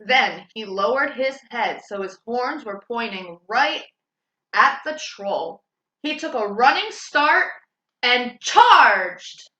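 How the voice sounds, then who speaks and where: A woman reads a children's storybook aloud, slow and sing-song, with a lively, high voice. Her bright tone rings in an echoey room. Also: dull audio.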